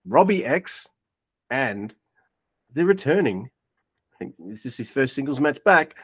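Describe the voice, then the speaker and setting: A man from Australia co-hosting a casual podcast chat, relaxed and swearing casually. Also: medium pitch, measured pace, slightly rough, no room sound. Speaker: podcast co-host.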